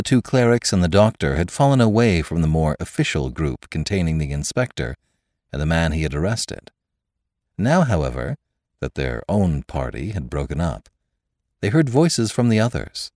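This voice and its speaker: Man, very deep voice, lively expressive narration, dry close sound. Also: normal speed, no echo. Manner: expressive, theatrical storytelling. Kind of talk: audiobook reading of a classic story.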